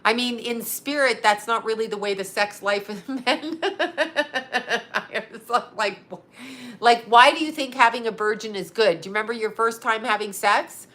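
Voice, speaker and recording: Frank, bawdy woman chatting with a bright voice. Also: on the high side, normal speed. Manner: frank and bawdy, laughs often while telling stories. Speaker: psychic medium and channel host. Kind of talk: candid casual chat.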